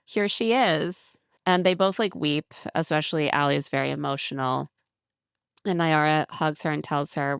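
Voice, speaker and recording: A low-voiced woman with a gravelly, smooth edge to her speech, chatting on a podcast. She recaps a show in a lively, casual way, slipping into quoted voices. Her voice is close and dry, with no room sound. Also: normal speed, no room sound. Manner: chatty, animated retelling with quoted voices and laughs. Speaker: podcast co-host.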